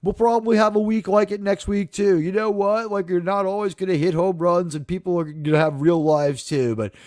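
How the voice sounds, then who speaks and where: A man hosting a casual live-stream discussion, chatty and animated, often acting out characters' lines. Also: sits high, fairly quick, no room sound, studio quality. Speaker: live show host.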